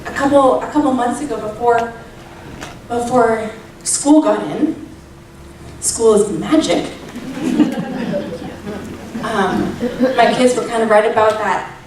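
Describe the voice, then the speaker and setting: A woman's voice: mid-range voice, a little mellow. A woman in her thirties teaching a Bible study, candid and personal, with emphatic rises in her voice. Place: church room. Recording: echoey room, distant mic, faint noise.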